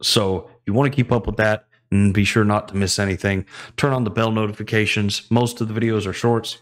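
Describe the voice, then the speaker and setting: Brief: young man, low voice, casual enthusiastic coding screencast host. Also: steady tone, fairly quick. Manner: enthusiastic, chatty, thinks aloud while typing.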